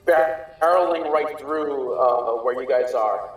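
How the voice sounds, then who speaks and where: Slow, halting game master in echoey room. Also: male voice, mid-range voice. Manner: halting, many fillers and restarts, chuckling. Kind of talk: narrating a tabletop game. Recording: echoey room, distant mic, faint music.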